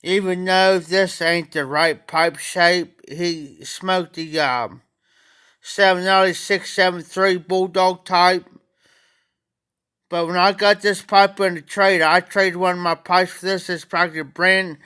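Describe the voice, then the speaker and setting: A man with a drawl chats on a casual livestream, unhurried and rambling. His voice sits fairly high, with a bright, clean tone. He stops now and then to greet viewers by name. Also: clear, resonant tone. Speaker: pipe-smoking livestream host. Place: auction house, former bar room.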